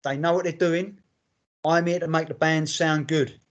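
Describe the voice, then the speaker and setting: A man's voice: fairly high pitch, fairly even intonation, normal speed, muffled recording. A man co-hosting a casual podcast, blunt and matey, swearing often. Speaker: podcast co-host. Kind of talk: casual chat.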